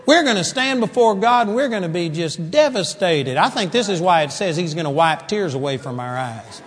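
A high-pitched man delivers an animated sermon, swinging between loud exclamations and quiet asides. His voice rings with a long reverb that trails through the hall. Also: normal speed. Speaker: preacher. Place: church hall.

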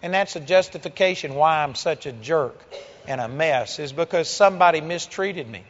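Recorded dull and muffled in a large church with a long, fading echo, a male preacher with a high voice gives an expressive sermon at a normal pace. He shifts from quiet passages to sudden, loud, emphatic exhortations.

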